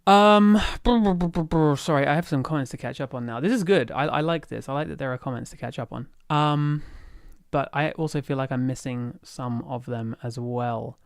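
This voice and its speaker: Livestream host. Rambling and self-interrupting, with a smooth voice and a dry recording. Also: mid-range voice, moderate pace, dry recording. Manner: rambling and easily sidetracked; thinks aloud with many fillers and restarts. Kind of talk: casual lore chat on a livestream.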